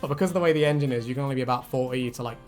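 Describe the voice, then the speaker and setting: A woman co-hosting a casual chat, animated and laughing often, breaking into silly voices. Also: extremely low pitch, very fast, faint music behind. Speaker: co-host.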